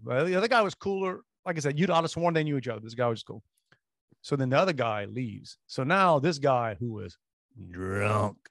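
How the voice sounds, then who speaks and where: A man's voice: a little high, dry recording. Rambling man telling a story. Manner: rambling, animated anecdotes with restarts. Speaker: radio show co-host. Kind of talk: casual storytelling chat.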